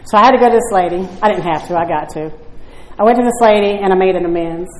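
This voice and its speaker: A woman's voice: mid-range voice, quick pace. A woman telling her personal story at a recovery meeting, blunt and conversational, often asking "right?". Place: meeting room. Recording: echoey room.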